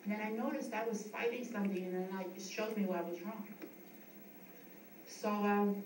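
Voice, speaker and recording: A woman's voice: medium pitch, steady tone, normal speed, darkish tone. A middle-aged woman from the US East Coast, a yoga school founder giving a heartfelt, rambling tribute speech with frequent restarts. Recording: echoey room, distant mic, noisy.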